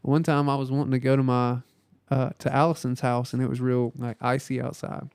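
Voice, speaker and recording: A man's voice: medium pitch, level tone, a little mellow, smooth, no room sound. A man co-hosting a podcast in easygoing casual chat, telling stories that poke fun at himself. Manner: easygoing, quick to laugh, joking about himself. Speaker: podcast co-host.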